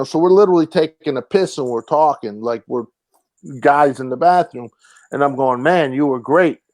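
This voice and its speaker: A man's voice: mid-range voice, darkish tone, dry recording. A man guesting on an interview show, telling rambling stories with many fillers and restarts and acting out the voices of people he quotes. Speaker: actor and comedian guest. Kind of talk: casual interview storytelling.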